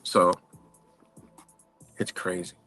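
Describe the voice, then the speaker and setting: A man's voice: drawn-out words, sharp tone, faint music behind. A man hosting a livestream, ranting casually in a profane, rambling way with many restarts. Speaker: livestream host.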